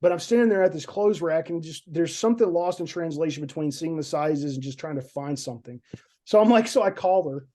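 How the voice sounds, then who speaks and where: A man's voice: fairly high pitch, fairly quick, warm tone. A man, a film director, telling a story in casual podcast chat, rambling and repeating words as he goes.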